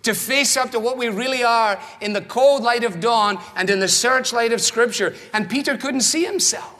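A man preaching a sermon in a rhetorical, animated manner, acting out the voices he quotes. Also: very high voice, moderate pace, in a large hall.

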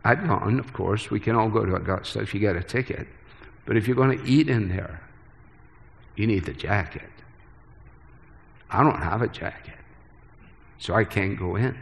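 Gravelly preacher in a reverberant hall. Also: male voice, fairly low pitch, normal speed, pauses often. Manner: earnest, varied dynamics from hushed to emphatic. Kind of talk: sermon.

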